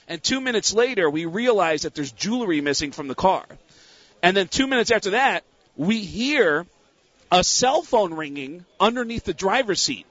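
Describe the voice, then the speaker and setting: A man telling a story in casual talk, lively and quick to act out the other people's lines. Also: high-pitched, slightly rough, dry recording. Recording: dull lo-fi sound.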